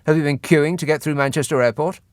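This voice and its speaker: A man's voice: a little high, steady tone, fast talker, no room sound. Dry, sardonic male radio host. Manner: sardonic, mocking asides. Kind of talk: satirical news commentary. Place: radio studio. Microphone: studio microphone.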